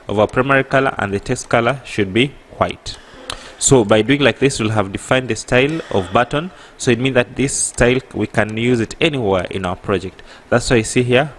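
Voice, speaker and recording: Halting East African man teaching code. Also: lowish voice, fairly bright tone, a little hiss or hum. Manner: halting, self-correcting, asks himself "what?". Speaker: programming tutor. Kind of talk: screen-recorded coding tutorial.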